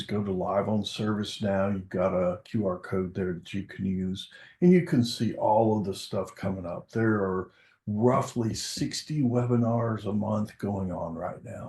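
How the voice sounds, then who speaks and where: A man's voice: on the low side, unhurried, darkish tone, reverberant. A man presenting a corporate webinar as a product success manager, speaking casually and conversationally with frequent filler words.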